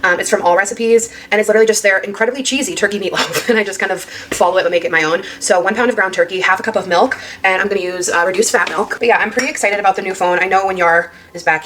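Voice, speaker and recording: A woman vlogging casually on a phone while cooking, chatty and excitable with many fillers. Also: mid-range voice, slight background noise. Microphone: phone camera.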